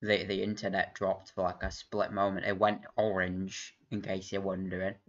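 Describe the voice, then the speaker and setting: A man's voice: deep voice, level tone, moderate pace, fairly bright tone. A man hosting a live stream, rambling in casual chat, laughing often and swearing freely. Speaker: livestream host. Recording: dull lo-fi stream audio.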